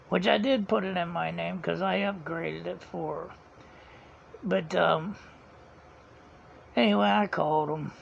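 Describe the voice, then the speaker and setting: Guy vlogging, real gravelly and kinda high, chuckles a lot, dull lo-fi audio w faint hiss. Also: unhurried. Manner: rambling, chuckles often, retells dialogue. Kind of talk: casual storytelling.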